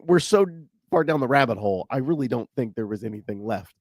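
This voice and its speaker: A man's voice: mid-range voice, lively intonation, quick pace, creaky, no echo, clean studio sound. A man speaking as a guest on a radio show, chatting casually and laughing between his points. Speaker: guest panelist. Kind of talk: casual chat.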